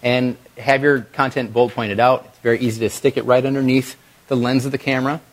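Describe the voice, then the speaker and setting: Energetic man coaching a live audience. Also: mid-range voice, fairly quick. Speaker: video presentation trainer. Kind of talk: live workshop talk to an audience.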